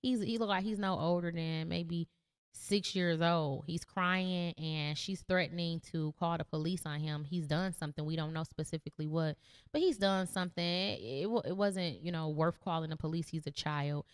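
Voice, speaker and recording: A woman's voice: lowish voice, moderate pace, clean tone, dry recording, clean studio sound. A woman hosting a podcast, giving earnest, emphatic commentary on a video she is reacting to. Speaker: podcast host. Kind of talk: opinionated commentary.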